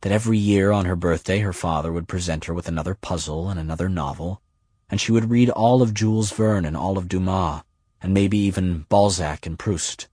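Husky low-voiced male narrator. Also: a little fast, warm tone, dry recording, studio quality. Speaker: audiobook narrator. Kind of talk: scripted narration.

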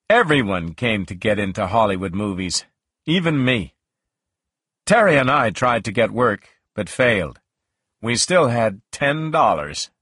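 A man reading a first-person novel aloud in a slow, measured, expressive way. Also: lowish voice, husky, dry recording, clean studio sound. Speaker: audiobook narrator.

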